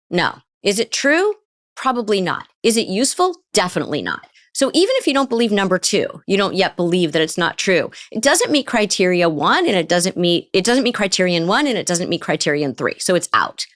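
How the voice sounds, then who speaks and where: A woman's voice: mid-range voice, dry recording, clean studio sound. A woman therapist in an interview, explaining ideas and often asking rhetorical questions. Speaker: therapist guest. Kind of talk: interview conversation.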